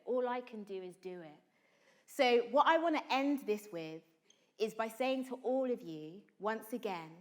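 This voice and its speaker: Energetic actress rousing students. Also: female voice, a little high. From England (Somerset). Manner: energetic, exhorting, keeps checking in with listeners. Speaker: actor speaking to students. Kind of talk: motivational talk to students.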